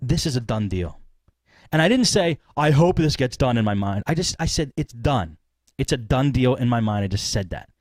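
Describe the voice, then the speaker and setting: A man hosting a podcast, telling a long story in a rambling, animated way and acting out what people said. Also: medium pitch, moderate pace, no echo. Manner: rambling, animated retelling with acted-out quotes. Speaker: podcast host. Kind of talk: casual storytelling.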